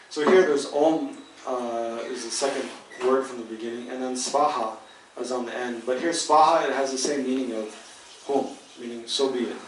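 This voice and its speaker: A man leads a Buddhist study class in a patient, halting way and often restarts mid-sentence. He sounds set back from the mic. The room rings with a strong echo and a faint hiss. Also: medium pitch. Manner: patient, thinking aloud with frequent restarts. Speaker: Buddhist teacher. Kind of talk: dharma class lecture. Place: teaching hall. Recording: roomy hall, mic at a distance.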